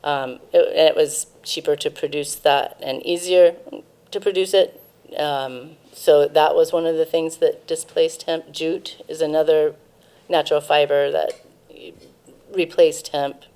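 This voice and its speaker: Low, gravelly-voiced woman. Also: steady tone, measured pace, mellow. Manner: informative, frequent ums and restarts. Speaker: cannabis museum guest. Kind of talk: casual interview, explaining history.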